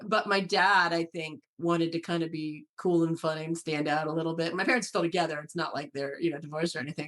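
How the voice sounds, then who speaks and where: A woman chatting on a podcast, telling family stories in a lively way and laughing often. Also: low-pitched. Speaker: podcast guest. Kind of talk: casual chat.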